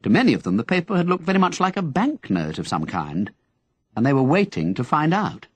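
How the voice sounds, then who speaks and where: A male audiobook narrator telling a story with very lively, wide-ranging pitch. His voice is a touch husky and sits a little high, recorded close and dry. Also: fairly quick, dry recording. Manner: expressive storytelling. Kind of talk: scripted narration.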